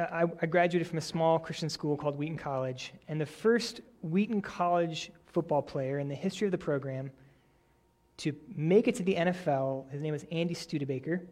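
A young adult male pastor who prays quietly, then preaches a story-driven sermon with building energy. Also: fairly high pitch. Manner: prays softly, then preaches with rising energy and animated stories.

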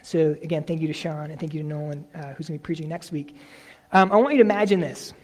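A man preaching a sermon in a relaxed, conversational way, often acting out imagined replies. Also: on the high side, quick pace. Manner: conversational, self-correcting, uses imagined dialogue. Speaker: pastor.

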